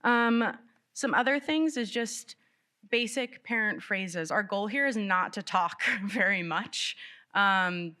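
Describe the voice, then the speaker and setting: Bright-voiced woman teacher presenting to parents. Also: lowish voice. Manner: conversational, animated, light laughs while talking. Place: library meeting room.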